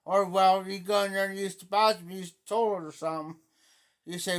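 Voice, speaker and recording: A man's voice: sits high, level tone, a little fast, clear, resonant tone. A middle-aged man from Ohio with a southern Ohio Appalachian accent, hosting a livestream in a folksy, rambling casual chat and greeting viewers by name. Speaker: livestream host.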